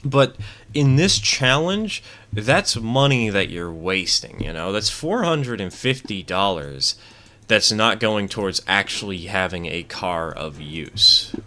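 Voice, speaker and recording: A man's voice: fairly low pitch, very animated, takes it slowly, bright, forceful tone. A man streaming a train game, chatting casually and giving rambling, opinionated replies to chat. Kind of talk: casual gameplay commentary, reading chat.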